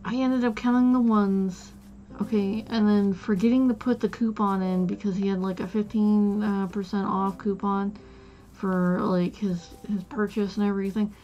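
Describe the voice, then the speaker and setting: A woman's voice: medium pitch, level tone, moderate pace, dark tone, lo-fi sound. A woman streamer chatting casually while playing a game, telling a rambling story full of "like" and restarts.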